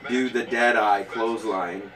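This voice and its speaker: A man's voice: lowish voice, steady tone, unhurried, recorded from a distance. A man co-hosting a casual wrestling watch-along, talking over the broadcast with crude jokes and rambling commentary. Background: TV broadcast with music.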